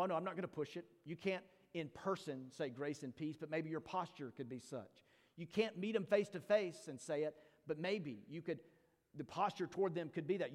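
Man preaching in a reverberant hall. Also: a little high. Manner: reads scripture briskly, then preaches slowly with rhetorical questions; playful asides to the congregation. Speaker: pastor. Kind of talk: sermon.

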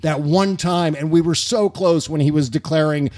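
A man hosting a political comedy podcast, rambling and profane and quick to laugh. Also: on the high side, darkish tone, no room sound, clean studio sound. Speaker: podcast host. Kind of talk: casual political comedy chat.

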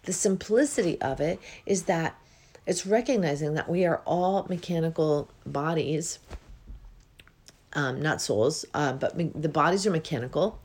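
A woman giving an unhurried, reflective spiritual talk as a healing coach, with many pauses and yawns. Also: low voice, darkish tone. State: yawning.

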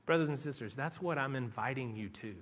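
Bright, forceful male preacher. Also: medium pitch, fairly quick. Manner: dramatic, swings between loud urgency and hushed softness; leads prayer. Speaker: pastor. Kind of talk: sermon.

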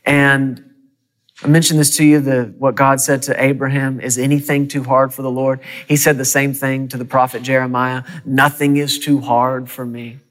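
A man preaching a sermon in a church, lively and dramatic, with fast bursts and sudden hushed drops. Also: medium pitch. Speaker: pastor.

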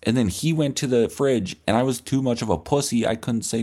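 A man hosting a comedy podcast, telling a crude, deadpan, rambling comic story. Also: mid-range voice, fairly quick.

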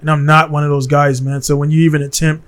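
A man's voice: fairly high pitch, flat delivery, quick pace, fairly bright tone. A man from Baltimore hosting a casual podcast conversation in a studio. He talks in a blunt, heated way and keeps tossing in "man". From Baltimore, USA.

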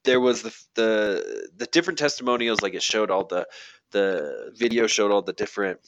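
Animated laughing man telling a story. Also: fairly low pitch, normal speed, creaky, dull audio, a little hiss or hum. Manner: animated, laughing retelling with acted quotes. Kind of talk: casual storytelling chat.

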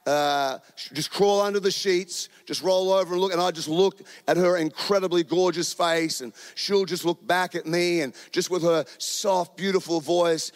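A man's voice: sits high, steady tone, normal speed, hardly any pauses, clear, resonant tone, in a large hall. A man with a New Zealand accent preaching a sermon in a church, speaking into a handheld microphone, conversational and joking. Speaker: pastor. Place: church auditorium.

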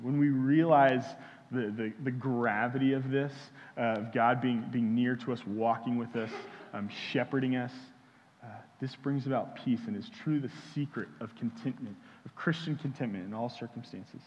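A young male pastor from Houston gives a sermon in a halting, earnest way, full of "um"s and restarts. His mid-pitched voice rings out with a long hall reverb, and the recording sounds dull and muffled. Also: steady tone. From Houston, Texas. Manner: halting, many fillers and restarts.

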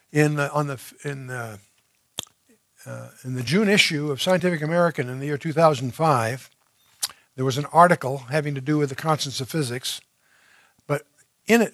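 A man's voice: on the high side, no room sound. A man teaching through a Bible passage verse by verse, reading scripture aloud and then explaining it in a conversational way, with fillers and restarts.

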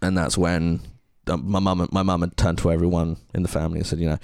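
A man's voice: low-pitched, little pitch movement, quick pace, darkish tone, smooth, dry recording, studio quality. A man co-hosting a casual podcast, speaking earnestly and from the heart. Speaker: podcast co-host.

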